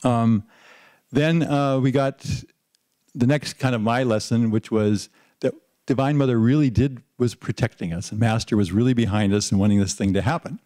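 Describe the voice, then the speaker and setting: Older guy telling a funny story, mid pitch, chuckles a lot, keeps restarting. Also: moderate pace. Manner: lively storyteller who chuckles and restarts often. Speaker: panel speaker recalling his teaching days. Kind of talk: anecdotal storytelling.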